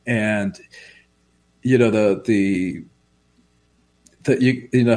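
A man hosting a casual conversation, telling client stories with quick asides. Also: on the low side.

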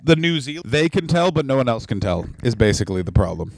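A man's voice: mid-range voice, sing-song, fast, darkish tone, dry recording. A man co-hosting a comedy podcast, talking in crude, sarcastic banter full of swearing. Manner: profane, sarcastic, mocking impressions. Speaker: podcast co-host.

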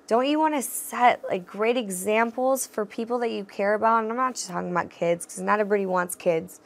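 A woman's voice: mid-range voice, creaky. A young woman hosting a casual solo podcast, talking straight to her listeners in a candid, encouraging way, swearing freely and laughing often. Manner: encouraging, addresses listeners directly. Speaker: podcast host.

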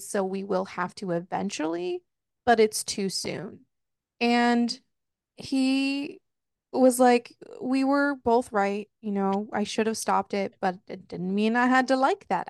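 A woman's voice: medium pitch, vocal fry, no echo, clean studio sound. A woman co-hosting a podcast, chatting casually and animatedly retelling scenes by acting out the dialogue. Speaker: podcast co-host. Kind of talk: casual book discussion.

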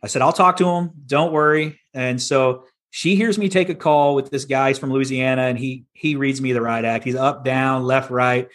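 A man's voice: mid-range voice, fairly even intonation, normal speed, hardly any pauses. A middle-aged man from Texas, a podcast guest telling his story in a candid, casual way with frequent restarts. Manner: candid, many restarts and repeats.

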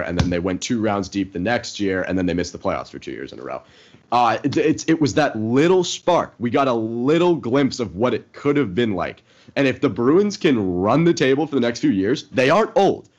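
A man's voice: fairly low pitch, animated, moderate pace. A young man co-hosting a sports podcast, rambling confidently about his team with casual fillers. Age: young adult. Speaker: podcast co-host. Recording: dull lo-fi podcast audio.

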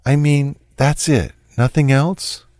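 A man's voice: mid-range voice, steady tone, takes it slowly, a little mellow, no room sound, clean studio sound, voice pushed up, lightly acted. A man voicing a frightened, submissive young woman with a timid, pleading, apologetic manner, in a read-aloud true crime story. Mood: fearful pleading.

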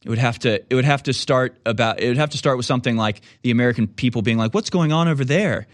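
A man hosts a call-in talk show, riffing quickly and jokingly with callers and often trailing off to restart mid-sentence. His mid-range voice keeps a steady tone. The sound is close and dry, with no echo or room around it.

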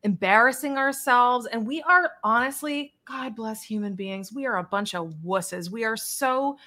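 A woman talking over a video call, her voice sitting a little high. She tells stories bluntly and with lots of energy, dropping mild curses along the way. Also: unhurried. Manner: blunt, animated storytelling with mild swearing. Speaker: interview guest. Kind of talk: casual interview chat.

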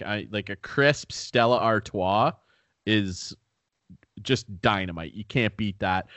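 A young man co-hosts a podcast in casual chat, his mid-range voice fairly bright and free of echo. He uses lots of "like" and "dude" and swears now and then.

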